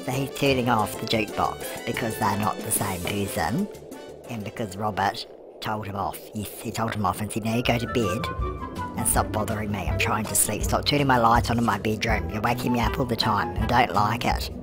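A woman's voice: extremely low pitch, a little fast. A woman playing a chatty, doting old nan who narrates a life-sim game, fussing motherly over the characters and calling them love. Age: older. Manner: fussy, motherly, calls everyone love. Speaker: let's play host. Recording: music playing underneath.

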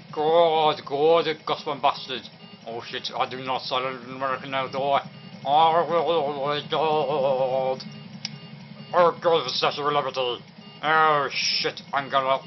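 A man's voice: fairly high pitch, steady tone, unhurried, soft background music, natural voice. A man voicing a rowdy drunk young man over a video game, slurring, rambling and swearing, on a muffled recording. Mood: drunken rambling. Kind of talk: game voice-over role-play. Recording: muffled lo-fi with faint noise.

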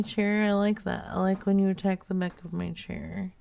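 A woman's voice: lowish voice, measured pace, gravelly, hardly any pauses, dark tone, a little hiss or hum. A woman hosting a live prank call show, talking loosely between calls, swearing and chatting to her cat. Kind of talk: casual livestream chat.

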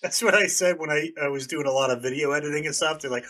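A man talks casually as a podcast guest, joking and swearing freely, and his sentences often fade to a mutter. His voice is bright with a slightly husky edge. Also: a little high, fast talker. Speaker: podcast guest, content creator. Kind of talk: casual chat.

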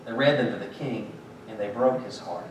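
A man's voice: fairly low pitch, moderate pace. Man preaching in an echoey church. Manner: conversational, joking storytelling preacher. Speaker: pastor. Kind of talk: sermon. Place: church sanctuary. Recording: very echoey church, distant mic, background noise.

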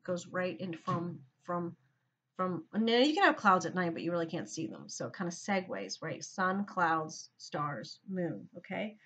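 Woman teacher talking her class through a lesson, bright tone, kinda dull lo-fi sound. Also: lowish voice, sing-song, unhurried, husky. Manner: thinks aloud, talks directly to students. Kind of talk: recorded grammar lesson for students.

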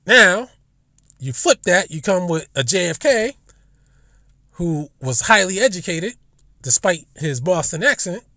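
A man's voice: high-pitched, sing-song, measured pace, long pauses, sharp tone, no echo, clean studio sound. A man in a casual, profane monologue with rambling delivery, speaking into a phone in an online audio room. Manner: rambling, profane, acts out imagined dialogue. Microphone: phone or headset in an online audio room.

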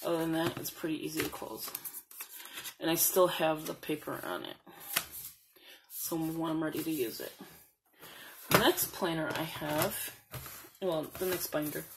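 Against a noisy background, a woman with a low voice and vocal fry chats her way through a planner on her channel. Turning the pages, she reads the printed slogans aloud in a relaxed show-and-tell.

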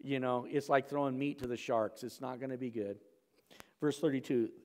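A pastor delivers a verse-by-verse expository sermon in a church sanctuary, speaking casually and tossing in frequent "okay?" and "right?" asides. His medium-pitched voice is steady and darkish at a moderate pace, with long hall reverb in the recording.

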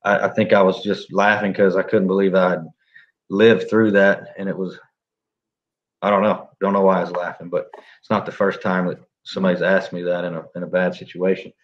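A man, a police officer, recounting a standoff in a plainspoken, halting, reflective way. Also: low voice, level tone. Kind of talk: interview storytelling. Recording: dull lo-fi audio.

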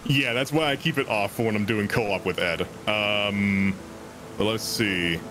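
A young man chatting casually while playing a co-op game, playful and quick to laugh. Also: fairly low pitch, bright, forceful tone, slight background noise. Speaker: streamer. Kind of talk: casual co-op gameplay chat.

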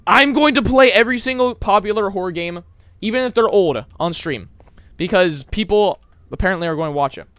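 A young man streaming a horror game live, chatting with his viewers and yelling whenever he gets scared. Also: sits high, lively intonation, a little fast. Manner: loud, jumpy, yelling at scares, chatting to chat.

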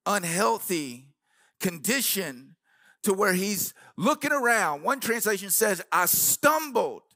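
Male pastor, high bright voice, dry close sound, animated preaching style, scripture storytelling with character voices. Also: slow pace, dry recording. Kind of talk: sermon. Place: church.

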